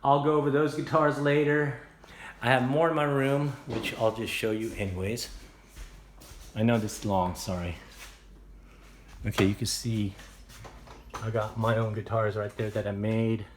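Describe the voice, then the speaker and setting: A man casually telling a story and showing off his guitars at home, rambling and animated. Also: on the low side, moderate pace, long pauses, echoey room, slight background noise. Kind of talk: casual storytelling and show-and-tell. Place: room at home, guitar workshop.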